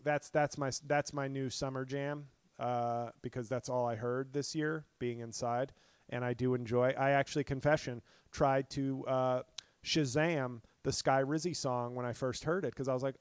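A man hosting a podcast, riffing through a rambling, profane comedic monologue full of tangents and sudden loud bursts. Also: on the high side, moderate pace, clean tone, no echo, clean studio sound. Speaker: podcast host.

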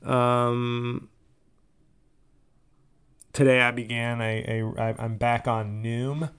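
A man's voice: mid-range voice, little pitch movement, drawn-out words, fairly bright tone, clear, resonant tone. Sarcastic rambling man hosting a podcast. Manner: sarcastic, rambling, swears freely, mocks actors with put-on voices. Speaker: podcast host. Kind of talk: casual solo podcast monologue.

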